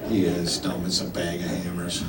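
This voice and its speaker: A man's voice: sits low, monotone, moderate pace, a crowd in the background. A man in his fifties performing a stand-up comedy set, rambling and punchy, tossing in "right?" and "man" as he goes. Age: 50s. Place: comedy club stage. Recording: echoey club mic heard from far off, audience noise. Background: audience laughter.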